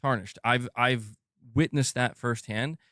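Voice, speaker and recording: A man's voice: medium pitch, a little slow, dry recording, studio quality. A man hosting a gaming news stream, ranting in a casual, rambling way full of "like" and the odd curse word. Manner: rambling, animated, peppered with "like" and casual swearing. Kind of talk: casual opinion rant on a live stream.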